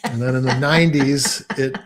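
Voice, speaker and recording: A man's voice: medium pitch, steady tone, normal speed. A man in his fifties co-hosting a casual real estate chat, easygoing and fond of side notes. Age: 50s. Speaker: realtor podcast co-host.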